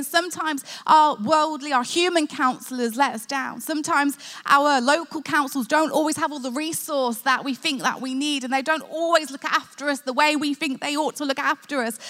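A woman's voice: high voice, sharp tone, big-room sound. A woman pastor preaching and praying in an earnest, conversational way. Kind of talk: sermon. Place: church hall.

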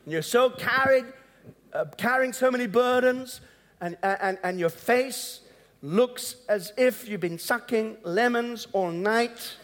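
A man's voice: very high-pitched, slow pace, fairly bright tone. A man pastor preaching a sermon in a conversational way, acting out dialogues and chuckling at his own asides. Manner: acts out both sides of dialogues. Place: large church hall. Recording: long hall reverb.

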